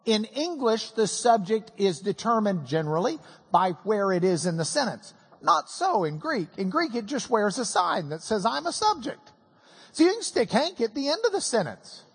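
A preacher teaches scripture in a folksy, joking sermon, with a husky voice that swings widely up and down. The delivery is unhurried. It is recorded with a long reverb from a large hall. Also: medium pitch, big pitch swings, fairly bright tone.

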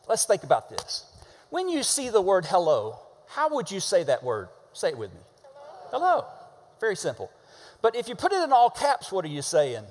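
A pastor preaching a sermon, animated and conversational, asking the congregation to repeat words with him and punching key words hard. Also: male voice, high-pitched, a little fast, in a large hall. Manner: animated, with sudden shouted emphasis and call-and-response.

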